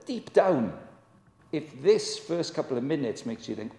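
A man gives a sermon as a visiting preacher, talking to the congregation in a chatty, direct way and often asking them questions. His voice has a gravelly edge and swings widely in pitch. The sound carries the long reverb of a large church hall. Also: sing-song, a little slow, warm tone. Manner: conversational, asks the congregation questions; acts out quoted voices with big pitch swings. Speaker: guest preacher.

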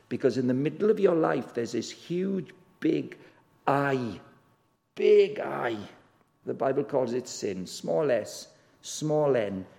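A man's voice: a little high, creaky, a little mellow. A man preaching a sermon, telling stories and acting out the voices in the dialogue. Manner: storytelling, acts out voices in dialogue. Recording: long hall reverb.

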